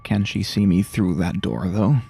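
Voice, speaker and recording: A man's voice: sits low, moderate pace, creaky, warm tone, slightly rough, soft background music. A man in his forties playing a tabletop game, stumbling and hesitating as he describes his character. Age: 40s. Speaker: player.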